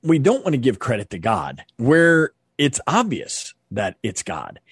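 A man's voice: mid-range voice, a little slow, husky, no echo, clean studio sound. Earnest man telling stories. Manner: animated, earnest storyteller. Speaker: ministry leader, guest. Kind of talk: storytelling interview.

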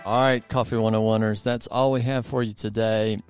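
A man hosting a podcast, chatting in a relaxed, upbeat way with some restarts. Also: lowish voice, a little fast, faint music behind. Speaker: podcast host. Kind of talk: casual podcast chat.

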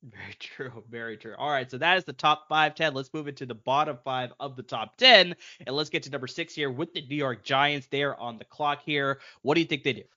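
A young man co-hosting a casual sports podcast, chatty and quick to laugh, on a dull lo-fi mic. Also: mid-range voice, sharp tone, no echo.

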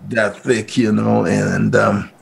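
A man's voice: on the low side, takes it slowly, creaky, husky. A middle-aged man from Liberia, telling his personal story as an interview guest and acting out what people said in a livelier voice. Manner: animated, acts out quoted speech in a raised voice.

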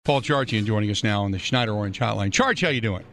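A man's voice: on the low side, fast, fairly bright tone, faint music behind. A man hosting a sports radio show, bantering and laughing easily with his guest. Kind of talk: casual sports radio chat.

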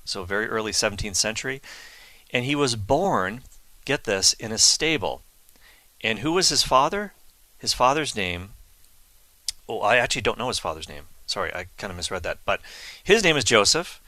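A man's voice: lowish voice, big pitch swings, moderate pace, pauses often, pushed and bright, no room sound. A man telling the life of a saint in a chatty, enthusiastic way, with asides and fillers. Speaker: Catholic speaker telling a saint's story. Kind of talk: casual storytelling talk.

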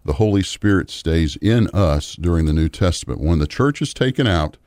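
A man's voice: sits low, lively intonation, moderate pace, darkish tone, no room sound, studio quality. A middle-aged man teaching the Bible on a radio program, guiding listeners through passages and reading verses aloud.

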